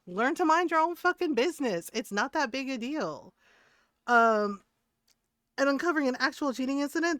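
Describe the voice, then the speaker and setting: Woman streamer, high clear voice, dry close mic, gossipy and swearing. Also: no room sound. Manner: animated storyteller, swears freely, laughs often. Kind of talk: casual chat while gaming.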